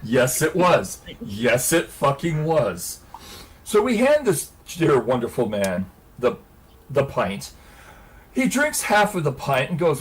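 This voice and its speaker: A man's voice: mid-range voice, slow pace. A man telling a long story on a casual hangout stream, laughing and swearing as he goes. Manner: profane, laughing, animated storyteller.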